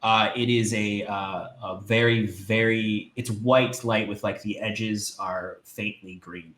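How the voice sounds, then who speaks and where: A man narrating as game master of a tabletop game, describing scenes hesitantly with many filler pauses. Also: lowish voice, fairly even intonation, fairly bright tone, reverberant.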